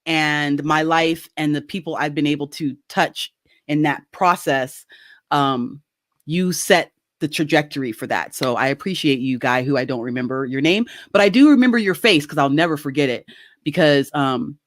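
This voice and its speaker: A woman's voice: low-pitched, moderate pace, no echo, clean studio sound. A woman telling a story in casual chat on a video call. She talks animatedly, laughs often and acts out the quoted voices. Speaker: guest.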